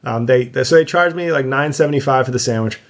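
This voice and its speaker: A man's voice: medium pitch, fast talker. A man hosting his own podcast and talking through a personal story in a loose, rambling monologue. His voice sits in an ordinary middle range. He keeps breaking off into fillers and restarts as he goes. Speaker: podcast host, comedian. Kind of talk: casual monologue.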